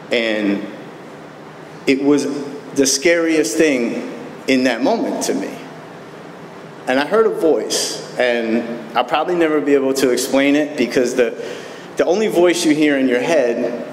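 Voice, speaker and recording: A man sharing his personal recovery story with a live group at a meeting, candid and self-deprecating, with wry jokes. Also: mid-range voice. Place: meeting hall. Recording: echoey hall recording with faint room noise.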